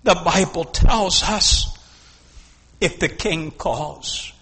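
Fervent high-voiced male preacher. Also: very slow, breathy edge, long reverb tail. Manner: fervent, swinging between hushed and shouted. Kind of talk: sermon. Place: church service.

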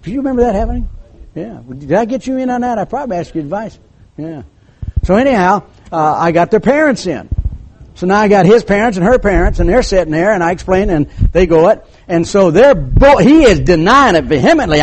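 An older man preaching a sermon, telling a story from his years as a pastor, acting out the voices of the people in it and dropping to a hushed tone at serious points. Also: high voice, expressive, moderate pace, a little hiss or hum.

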